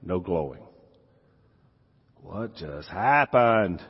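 A man with a Southern US accent delivers a sermon in a lively, sweeping voice that rises for emphasis and drops to quiet asides. His tone is a touch husky. The sound is dull, with a long reverb trailing through a big hall. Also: deep voice, extremely slow. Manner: animated, swings from loud emphasis to quiet asides. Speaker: pastor.

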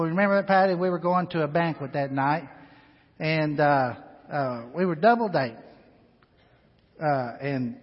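A man with a fairly high, husky voice preaches a sermon in a church sanctuary, dropping to quiet, intimate asides and then climbing into loud, ringing exhortation. His voice trails off into a long hall reverb, and the recording sounds dull and lo-fi. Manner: swings between hushed, intimate asides and loud, rising exhortation. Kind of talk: sermon with personal storytelling.

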